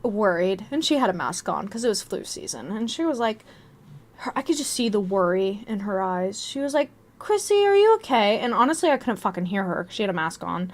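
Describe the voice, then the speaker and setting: A woman's voice: medium pitch, lively intonation, brisk. A woman in her twenties telling a rambling, profane story on a casual live stream.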